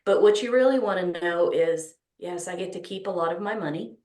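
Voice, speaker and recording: A woman's voice: fairly low pitch, fairly quick, a little mellow, reverberant. A woman with a Texas accent hosting an online business summit, talking enthusiastically with many ums and restarts. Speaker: summit host. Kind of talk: opening remarks at an online summit.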